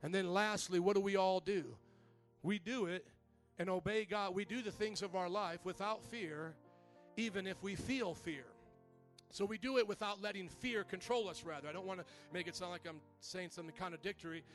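Pastor guy preaching in church, pretty high voice, soft band music behind him. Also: moderate pace. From Italian-American family. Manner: animated preaching, asks the congregation for amens. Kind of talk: sermon. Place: church sanctuary.

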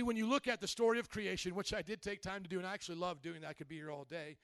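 A young man preaching a dramatic sermon who swings from hushed tones to loud outbursts and acts out biblical figures in a chatty voice. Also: fairly high pitch, vocal fry, no echo. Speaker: pastor.

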